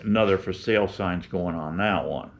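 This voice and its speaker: A man's voice: low voice, moderate pace, creaky, slight background noise. A man in his seventies from with a drawl, talking to his beekeeping channel in a folksy, opinionated, rambling way. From Florida. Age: 70s. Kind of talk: rambling casual vlog talk. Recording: dull lo-fi sound.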